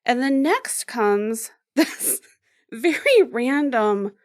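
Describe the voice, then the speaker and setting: Woman podcast co-host, higher voice, lively casual storyteller who laughs a lot. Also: very slow. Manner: animated storyteller, laughs often, acts out voices.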